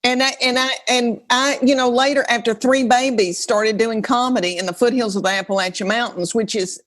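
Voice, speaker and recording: Fifties woman w/ a tennessee drawl, folksy comedian chatting, calls everyone honey, a bit high. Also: steady tone, a little fast, fairly bright tone. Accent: Tennessee Southern. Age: 50s. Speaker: podcast co-host and comedian. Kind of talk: casual chat.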